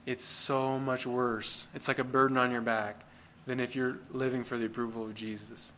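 A male pastor gives a sermon in an everyday, conversational tone. His voice sits at a middle pitch. He speaks earnestly and often asks the congregation questions, with a faint hiss of noise behind him. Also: flat delivery, normal speed, a bit bright. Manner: earnest, plain-spoken preaching.

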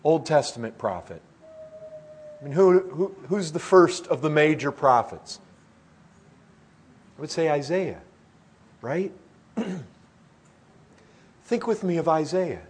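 A middle-aged man preaching a sermon in an earnest way, his voice swelling loud and then dropping to a hush. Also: fairly high pitch, lively intonation, slow, long pauses, breathy edge.

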